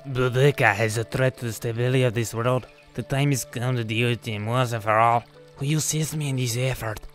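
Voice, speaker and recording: A solemn male leader from a strategy game, speaking in a mock Indian accent, as a man puts him on. The delivery is stiff and formal, at a middling pitch, and soft game music plays faintly behind. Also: steady tone, brisk, close to an everyday voice. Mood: grave. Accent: Indian, as put on.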